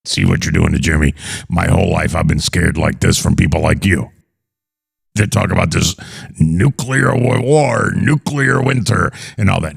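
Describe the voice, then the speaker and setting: A man's voice: deep voice, gravelly, breathy edge, no echo, clean studio sound. A man hosting a comedy show, reacting to clips with rambling, dismissive jokes. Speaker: show host.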